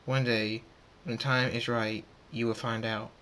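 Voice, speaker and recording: A wise old stallion leading a secret order in a pony storybook, read by a man in his own bright voice. He speaks in solemn, measured pronouncements. He gives grave warnings. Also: mid-range voice, little pitch movement.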